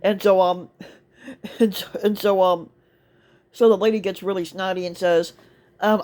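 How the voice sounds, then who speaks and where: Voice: mid-range voice, fairly even intonation, a little slow, pauses often, darkish tone. A store cart attendant telling a work story in a casual monologue, rambling with lots of fillers, restarts and swearing.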